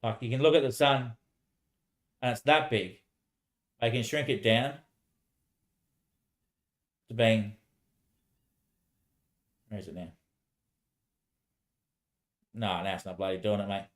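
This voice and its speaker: A man's voice: lowish voice, steady tone, takes it slowly, long pauses. A man streaming alone, rambling and answering himself back and forth, dropping "mate" and laughing often. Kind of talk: rambling solo livestream talk.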